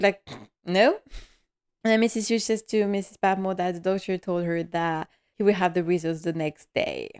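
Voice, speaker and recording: Brief: woman host, casual show recap, eager and giggly, mid pitch, clean smooth tone. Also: normal speed, darkish tone. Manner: enthusiastic, laughs often, many fillers. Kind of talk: casual chat.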